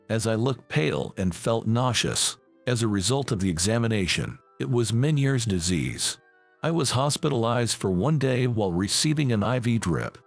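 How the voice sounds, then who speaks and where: This is a scripted first-person account read by a man in a measured manner over faintly playing soft music. His voice has a gravelly texture, a mid-range pitch, and expressive rises and falls.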